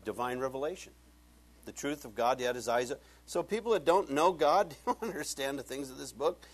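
A middle-aged male pastor giving a conversational sermon, telling stories and swinging from hushed asides to loud emphatic points. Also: mid-range voice, lively intonation, brisk.

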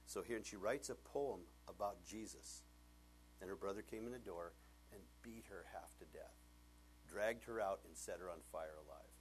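Preacher man, hushed to shouting. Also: sits low, moderate pace, slight background noise. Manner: storytelling, swings from hushed to shouting. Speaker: pastor. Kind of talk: sermon.

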